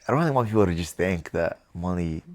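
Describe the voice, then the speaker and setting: A man's voice: low voice, lively intonation, fast talker, a little mellow. A young man co-hosting a podcast, talking things through thoughtfully in casual chat and often restarting his words. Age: young adult. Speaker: podcast co-host.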